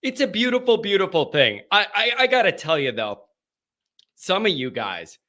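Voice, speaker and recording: A man hosting a live call-in show, chatting casually in an energetic, rambling, joking way from a green-screen set. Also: high voice, normal speed.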